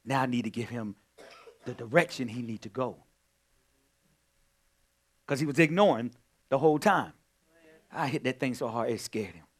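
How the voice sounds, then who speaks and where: A male pastor preaching in a conversational way, moving from quiet storytelling to loud, emphatic points. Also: mid-range voice, normal speed, long pauses. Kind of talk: sermon.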